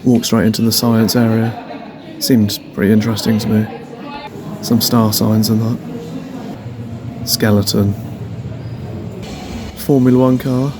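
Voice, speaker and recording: With a lowish, level voice, this young van-life vlogger speaks at a measured pace and pauses often. He's casual, rambling and hesitant, laughing at his own remarks, while recording in a van and outdoors in a city amid background noise.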